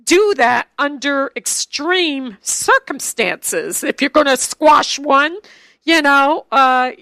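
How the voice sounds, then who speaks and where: A woman's voice: high voice, expressive, takes it slowly, gravelly, pushed and bright, dry recording. A woman interviewing guests, chatty, and telling stories in a casual conversation. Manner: chatty storyteller.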